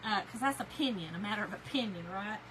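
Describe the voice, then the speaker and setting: A woman's voice: mid-range voice, animated, fast talker, a bit bright, slight background noise, rough recording. A middle-aged woman from Kentucky with a Southern accent, chatting casually with a live audience and telling folksy stories. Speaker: crafting livestream host. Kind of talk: casual chat reading live comments.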